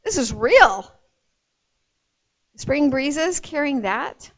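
A woman's voice: high voice, lively intonation, very slow, fairly bright tone, dull audio. A woman preaching a sermon, emphatic and emotional, calling out to her congregation. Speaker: pastor.

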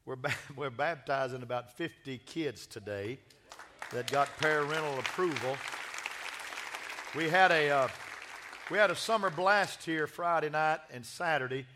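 A man's voice: fairly high pitch, unhurried, pushed and bright, some chatter behind, slight background noise. A man, a pastor giving a church sermon and announcements in a folksy, joking, exuberant way. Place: church sanctuary.

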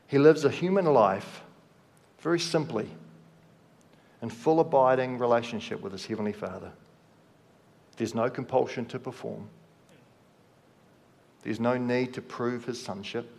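A man preaching a sermon, slow and measured, letting his voice drop softly at the ends of phrases. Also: medium pitch, vocal fry. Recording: long hall reverb.

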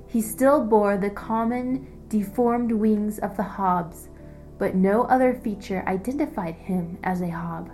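A woman narrating a fantasy audiobook in a measured, descriptive way. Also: medium pitch, warm tone, faint music behind, low-quality recording. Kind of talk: scripted story narration.

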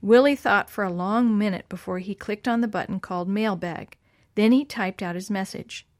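A woman narrating a children's chapter book in a measured, clear reading. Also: mid-range voice, no echo, studio quality. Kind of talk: storybook reading.

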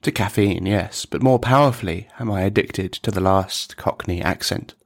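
A man narrating a dark comic story in a measured, deliberate, deadpan manner. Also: low-pitched.

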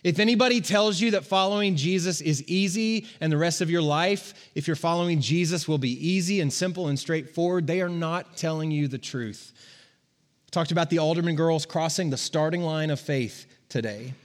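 Conversational pastor with hall echo. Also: male voice, on the high side, normal speed. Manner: conversational, joking with the congregation. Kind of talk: sermon.

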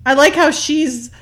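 A woman's voice: high-pitched, a bit bright. A woman in casual chat with friends, talking over an episode, laughing often and acting out the characters' lines. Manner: chatty, laughs often, acts out quoted lines. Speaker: co-host.

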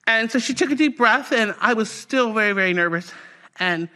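A woman's voice: medium pitch, fairly quick. A woman pastor preaching a personal testimony in a conversational, storytelling way. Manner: conversational, animated storytelling with fillers.

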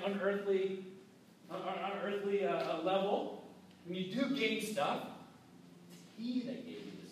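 High-voiced pastor in an echoey hall. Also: male voice, a little hiss or hum. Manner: casual, animated preaching with quoted voices and restarts. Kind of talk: sermon. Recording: very echoey hall, mic far off.

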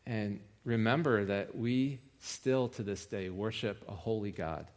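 Give me a man preaching a sermon in a relaxed, conversational way, with a somewhat low voice. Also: measured pace. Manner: conversational, rising with emphasis.

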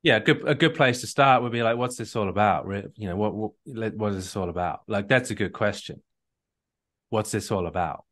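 A man's voice: lowish voice, a little fast, a bit bright. A man coaching on a live call, earnest and storytelling, with frequent restarts. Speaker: marriage coach.

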